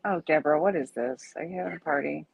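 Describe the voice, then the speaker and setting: A playful woman co-hosts a casual livestream, teasing her partner as they talk. Her low voice is husky and gravelly, and the sound is dry and close. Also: quick pace, no echo, low-quality recording. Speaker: co-host.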